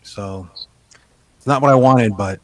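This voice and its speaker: A man in his fifties, a podcast host and author, chatting casually in a halting way with many restarts. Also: on the low side, no echo. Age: 50s. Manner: halting, with frequent restarts and fillers. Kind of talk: casual chat.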